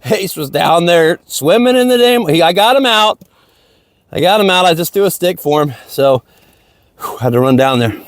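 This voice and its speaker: A man's voice: sits high, lively intonation, moderate pace, dry recording. A man hosting a podcast, rambling through a casual, motivational monologue outdoors near a lake, often repeating himself. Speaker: podcast host. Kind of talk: casual stream-of-consciousness monologue.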